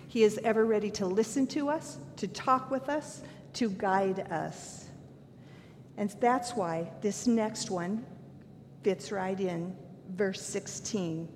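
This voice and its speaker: An older woman giving a sermon, earnest and candid, mixing scripture with self-deprecating stories from her own life. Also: a little mellow. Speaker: preacher. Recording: long hall reverb, faint rumble.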